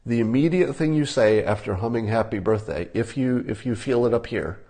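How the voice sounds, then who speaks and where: Older man giving relaxed spoken advice. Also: mid-range voice, brisk. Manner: relaxed, conversational, demonstrating examples. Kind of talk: casual advice monologue.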